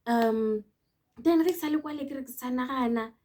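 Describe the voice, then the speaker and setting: A young woman in her twenties with a South African accent, telling a story to camera in an animated, code-switching way. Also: sits high, normal speed. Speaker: vlogger. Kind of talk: storytime vlog.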